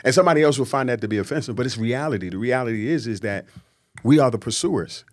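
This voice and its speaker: A man, a guest on a podcast, talking in a lively, preachy way and mimicking people he quotes. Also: medium pitch, fast talker. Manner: animated, preachy, acts out quotes in mocking voices. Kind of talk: casual podcast conversation.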